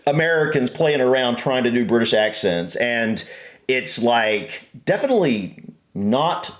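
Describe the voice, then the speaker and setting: A man co-hosting a reaction video in casual chat, animated and rambling with restarts. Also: mid-range voice, measured pace. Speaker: reaction channel co-host.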